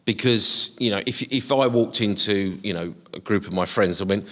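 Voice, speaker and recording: A middle-aged man from Essex with a softened estuary accent, a podcast guest speaking in a hesitant, reflective way with many ums and restarts. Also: on the low side, moderate pace, hardly any pauses, long reverb tail. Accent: softened Essex estuary English. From Essex, England. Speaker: guest, HR professional. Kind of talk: casual reflective interview talk.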